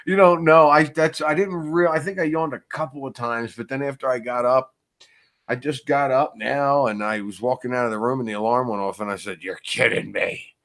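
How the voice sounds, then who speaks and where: A man's voice: medium pitch, steady tone, fairly quick, a bit bright. A sleepy, laid-back man in casual online chat, laughing often. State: sleepy, yawning. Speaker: online show host.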